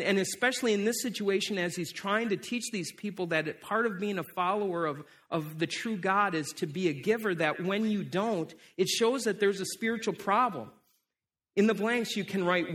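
A man's voice: high voice, a bit bright. A man preaching a sermon in a conversational way, often repeating words as he restarts. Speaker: pastor.

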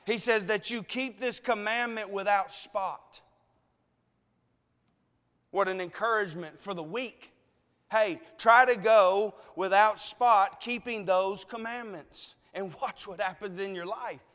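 A man's voice: sits high, takes it slowly, a bit bright, clear, resonant tone, in a large hall. A man preaching a sermon, emotional and tearful, pressing his listeners with pleading questions.

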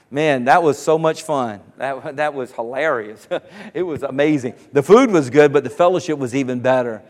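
High-voiced pastor preaching in a hall. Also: male voice. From South Carolina. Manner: animated, jokes with the congregation, rises to shouts. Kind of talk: sermon. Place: church sanctuary. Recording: long church hall reverb.

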